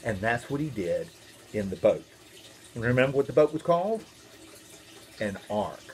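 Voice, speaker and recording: Animated minister telling a children's story. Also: male voice, medium pitch, moderate pace, slight background noise. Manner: playful and animated, asks the listeners questions.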